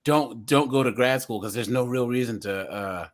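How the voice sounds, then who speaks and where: A man's voice: medium pitch, normal speed. A man from the United States hosting a livestream, giving casual, rambling reaction commentary. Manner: rambling, restarts. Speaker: livestream host.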